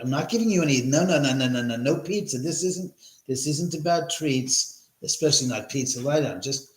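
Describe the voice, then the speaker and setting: At home in his own house, a man streams live, speaking casually into a computer mic in an expressive, mid-range voice at a fairly quick pace. The recording is rough. As host, he chats with viewers, reading their comments aloud and responding as he goes.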